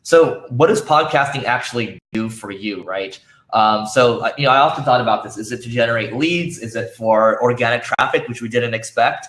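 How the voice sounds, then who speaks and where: A man's voice: medium pitch, normal speed, a bit bright. Man giving a casual conference talk. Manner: casual, lots of fillers and restarts. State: losing his voice. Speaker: conference speaker. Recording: roomy echo.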